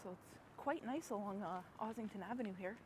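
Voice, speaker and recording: A woman's voice: mid-range voice, brisk. A woman hosting a casual live stream as she walks a city street at night, chatting with viewers by name and laughing often. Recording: outdoor street noise with traffic. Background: traffic and street noise.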